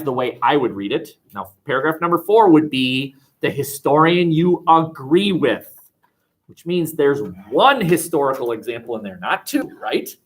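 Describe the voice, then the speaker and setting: A man teaching a history class, animated and joking, asking the room rhetorical questions, recorded on a classroom webcam. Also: on the high side. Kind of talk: classroom lecture.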